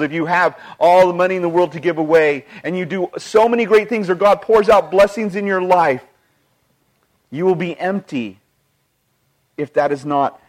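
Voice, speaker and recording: A man preaching as a pastor. He is earnest, tells personal stories, quotes scripture, and moves between emphatic and hushed delivery. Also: on the high side. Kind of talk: sermon.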